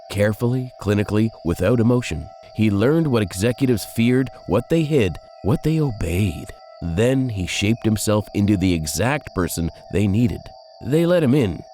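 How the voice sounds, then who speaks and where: A man narrating a dark crime story in a scripted, dramatic, measured way. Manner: dramatic, measured storytelling with sudden drops in pitch and loudness.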